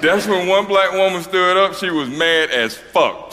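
A man's voice: high voice, fairly quick, few pauses, in a large hall. A middle-aged man from Georgia with a Southern US accent, telling a loose, profane stand-up story on stage. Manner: loose, profane, animated, acts out voices. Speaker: stand-up comedian.

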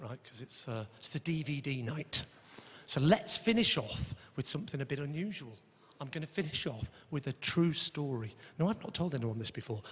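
A man's voice: fairly high pitch, a bit bright, a little hiss or hum. A male stand-up comedian on a club stage, telling a story to the audience in a brash, swearing, conversational way. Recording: live hall recording with reverb.

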